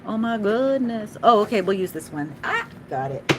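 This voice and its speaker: A woman's voice: mid-range voice, big pitch swings, normal speed, slight background noise, poor audio. Chatty emotional woman reading tarot. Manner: chatty, emotional, laughs often, speaks to spirit. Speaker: tarot reader.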